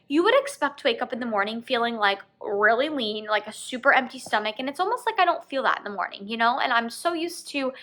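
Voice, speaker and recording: A woman's voice: a little high, fairly bright tone. A young woman talking candidly to her camera in a personal vlog, rambling with many ums and you-knows. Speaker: vlogger and fitness coach.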